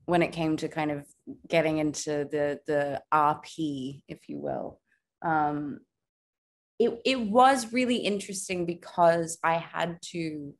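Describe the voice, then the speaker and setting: A woman's voice: sits low, slow. A woman with an Australian accent, answering interview questions thoughtfully with frequent "kind of" fillers. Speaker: actor interviewee.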